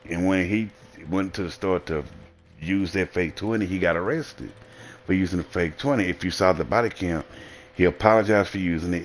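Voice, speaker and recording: A man with a Southern American accent, livestreaming a blunt, rambling and profane casual monologue. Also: deep voice. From Southern United States.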